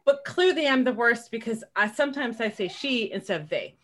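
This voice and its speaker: A woman's voice: on the high side, a little fast. A woman in her forties co-hosting a podcast, chatting casually and laughing as she talks. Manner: animated, laughs while talking. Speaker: podcast co-host. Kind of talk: casual chat.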